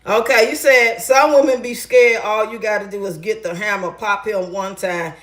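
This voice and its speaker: A middle-aged woman in casual storytelling chat, loud, blunt and profane, talking in her home kitchen. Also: mid-range voice, fairly even intonation, moderate pace, echoey room. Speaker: relationship advice vlogger.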